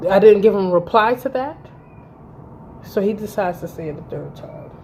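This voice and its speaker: A woman's voice: mid-range voice, moderate pace, slight background noise. Blunt, foul-mouthed woman vlogger. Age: around 30. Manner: blunt, heavy swearing, animated retelling. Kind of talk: storytime vlog, recounting a fight.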